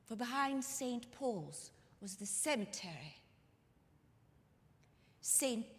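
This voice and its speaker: A woman storyteller telling a life story in the first person, in character, with a dramatic, intimate manner that speaks straight to the audience, performed live in a church hall. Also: medium pitch. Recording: long hall reverb from a live room.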